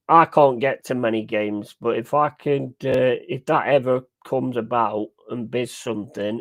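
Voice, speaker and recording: A man chatting casually and excitedly over a live match, swearing freely and rambling through stories. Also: medium pitch. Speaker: watch-along streamer.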